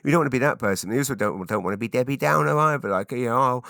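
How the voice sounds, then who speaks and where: A man in his forties from England hosts a rambling solo podcast, speaking with a British accent in a medium-pitched, fairly bright voice with lively intonation. He talks quickly with few pauses, often breaking off mid-sentence and slipping into silly put-on voices. The recording is dry and studio quality.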